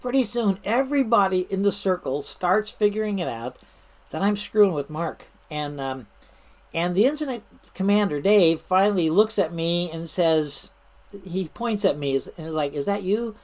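A woman's voice: on the low side, animated, moderate pace, darkish tone. A middle-aged woman, a veteran of the fire service, casually telling a prank story, amused and laughing as she goes, with frequent restarts. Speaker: retired fire service manager telling stories.

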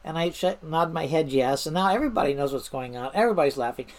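A woman's voice: sits low, animated, quick pace. A middle-aged woman, a veteran of the fire service, casually telling a prank story, amused and laughing as she goes, with frequent restarts. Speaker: retired fire service manager telling stories.

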